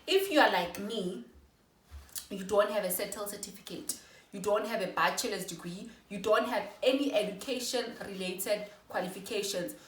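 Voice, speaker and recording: A woman's voice: mid-range voice, moderate pace, far from the mic. South African woman vlogging in an echoey room. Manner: chatty, apologetic self-corrections. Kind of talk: casual how-to explainer.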